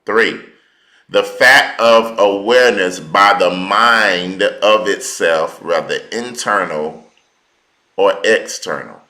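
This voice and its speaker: Slow, deliberate male preacher in an echoey room. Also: low-pitched, pushed and bright. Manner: slow, deliberate, repeats key words for emphasis; informal colloquial speech. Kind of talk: sermon teaching.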